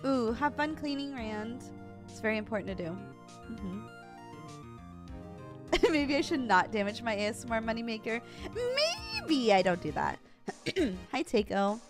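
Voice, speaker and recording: A woman's voice: fairly high pitch, moderate pace, long pauses, over music. A woman streamer giving playful, laughing, self-deprecating commentary on a video game, her voice strained. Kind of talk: casual gameplay commentary.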